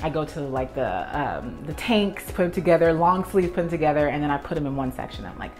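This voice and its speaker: A young professional organizer tidies up while telling a lively vlog story, acting out how she reacted back then. Her voice sits low and her pace is brisk, with faint music in the background.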